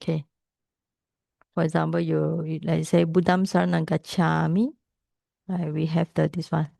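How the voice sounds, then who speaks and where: A woman with a Malaysian English accent teaching Pali pronunciation, patiently repeating sounds slowly. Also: low-pitched, level tone, creaky, dark tone, dry recording. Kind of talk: pronunciation lesson.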